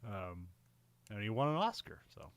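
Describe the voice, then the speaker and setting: With a voice on the low side and a normal pace, this film podcast co-host wanders through his ideas, laughing frequently and livening up when something excites him. There's no room sound in the recording.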